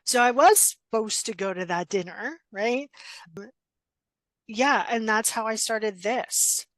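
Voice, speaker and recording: Middle-aged woman coach talking as a podcast guest in a casual interview. She speaks in a blunt, direct way and acts out quoted dialogue with animation. Her voice sits slightly high, and the recording is dry and close. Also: slow pace, no echo.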